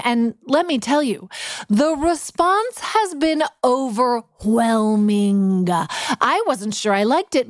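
A woman's voice: a little high, no room sound, clean studio sound. A woman hosting a podcast in a playful, bubbly, joking way. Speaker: podcast host. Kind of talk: casual podcast chat.

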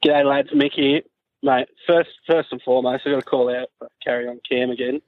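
A man's voice: mid-range voice, steady tone, normal speed, dry recording, narrow, tinny audio. An Australian man leaving a podcast voice message, mocking the hosts and laughing as he speaks. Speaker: caller.

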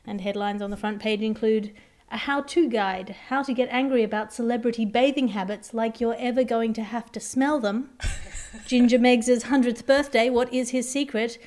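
Wry, fairly high-voiced woman host. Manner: quick, wry, deadpan jokes. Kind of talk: topical comedy podcast hosting.

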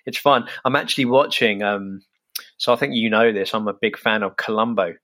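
A man with an English accent talks in a low voice as a podcast guest. His speech is relaxed and halting, full of ums and restarts as he chats. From England. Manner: hesitant, many fillers and restarts. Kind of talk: casual interview chat.

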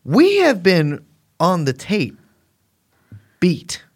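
Man, podcast co-host, casual chat, joking, rambling, swings up and down in pitch. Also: huge pitch swings, extremely slow, slightly rough. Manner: joking, rambling, with restarts and profanity.

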